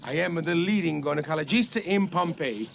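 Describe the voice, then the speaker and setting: A man's voice: a little high, moderate pace, creaky, background noise. An actor playing a boastful, bumbling male doctor who puts on a hammy fake Russian accent in a comedy film.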